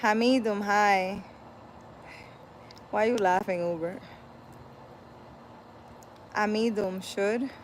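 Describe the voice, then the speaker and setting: With a mid-range voice and a bit of background noise, a woman streams live from outdoors. As a spiritual healer and host, she greets people by name and chats casually while reading what they write.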